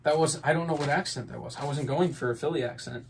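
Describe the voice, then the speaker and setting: A man's voice: on the high side, fast, vocal fry. Chatty man with casual hockey takes. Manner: rambling, filler-heavy, upbeat opinions. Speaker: podcast host. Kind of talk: casual sports talk.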